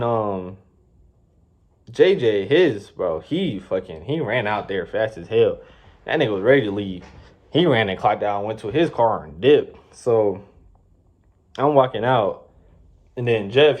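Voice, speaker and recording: Low-voiced man telling a rambling story. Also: lively intonation, a little slow, a little mellow. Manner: casual, slangy, swearing, rambling. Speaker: vlogger. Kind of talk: storytime vlog.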